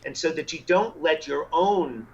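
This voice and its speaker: A psychiatrist in his sixties, a podcast guest telling family stories in a casual, animated way and acting out the voices he quotes. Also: fairly high pitch, a little slow, highs cut off, slight background noise. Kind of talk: casual storytelling interview.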